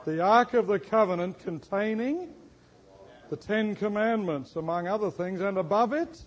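A man's voice: sits high, normal speed, lo-fi sound. A man preaching a sermon and teaching, quizzing his listeners and stressing words emphatically. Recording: long hall reverb.

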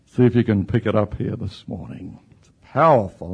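A man preaching a sermon who speaks directly to people in the room and builds to loud, drawn-out emphasis on key words. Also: medium pitch, animated, gravelly, husky. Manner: talks directly with listeners in the room. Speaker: pastor.

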